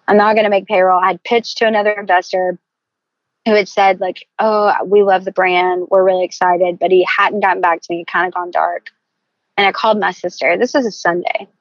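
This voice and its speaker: A middle-aged woman, a podcast guest, telling her story in a candid, animated way. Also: fairly low pitch, fairly quick, no room sound, dull audio. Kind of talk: casual interview storytelling.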